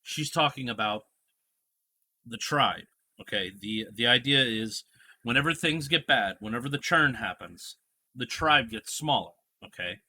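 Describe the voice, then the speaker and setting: A man's voice: medium pitch, animated, a little slow, sharp tone. A man hosting a casual podcast chat, retelling a TV scene in a rambling, storytelling way. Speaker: podcast host.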